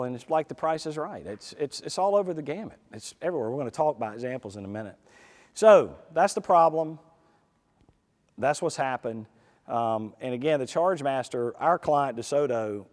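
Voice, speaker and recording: A man giving a lively, folksy talk to a live conference audience, with many quick asides. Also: medium pitch. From United States. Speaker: conference speaker. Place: conference hall. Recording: reverberant hall.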